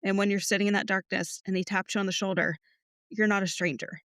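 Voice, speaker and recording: Young woman cohost, bright clear voice, dry close sound, kinda rambly and heartfelt. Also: medium pitch, fairly even intonation, fast talker, no echo. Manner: heartfelt, rambling with many likes. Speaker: podcast co-host. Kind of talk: casual faith chat.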